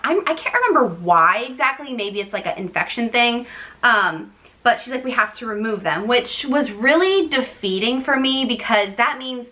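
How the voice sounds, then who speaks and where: A young woman vlogger telling a long personal story in a chatty, animated way, acting out what others said. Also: fairly high pitch, moderate pace. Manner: chatty, animated, acts out quoted voices. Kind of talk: casual storytelling to camera.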